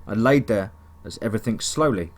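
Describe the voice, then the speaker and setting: A man's voice: fairly low pitch, animated, a little fast. A man narrating a first-person horror story in a dramatic, tense storytelling manner.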